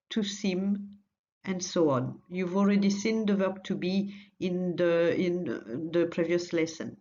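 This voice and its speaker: A woman's voice: mid-range voice, darkish tone, lo-fi sound. A woman teaching a recorded language lesson, patiently repeating phrases for learners.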